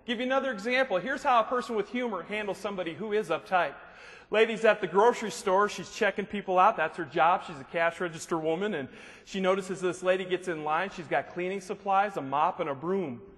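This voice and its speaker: Brisk and high-voiced, this motivational speaker jokes and tells stories with lots of animation before a live crowd in a big hall. The audio carries faint noise and a long reverb from the room.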